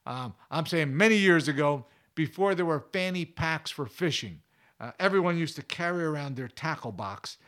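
A man's voice: a little high, expressive, moderate pace, a bit bright. A man hosting a fishing show, giving casual advice in a chatty, folksy way with anecdotes. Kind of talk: casual instructional talk.

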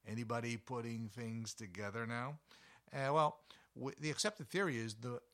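Bright-voiced man, jokey science host. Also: medium pitch, normal speed. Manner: jokey, self-correcting, lively teacher tone; asks the listener rhetorical questions. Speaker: host of an educational podcast. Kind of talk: casual educational talk.

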